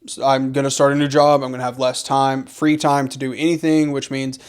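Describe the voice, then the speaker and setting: In a casual podcast conversation about faith, a young co-host sounds earnest and reflective, repeating phrases for emphasis. His medium-pitched voice is smooth and a little fast, with little pitch movement.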